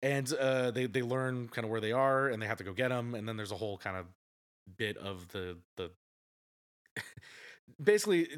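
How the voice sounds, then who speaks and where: A man's voice: lowish voice, fairly bright tone. A man co-hosting a casual movie review podcast, chatty and often laughing as he retells scenes. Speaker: podcast co-host.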